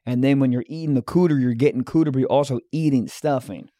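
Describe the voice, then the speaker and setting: A man's voice: medium pitch, quick pace, mellow. A young man co-hosting a comedy podcast, riffing in a brash, profane way. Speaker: podcast co-host. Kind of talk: crude comedy podcast banter.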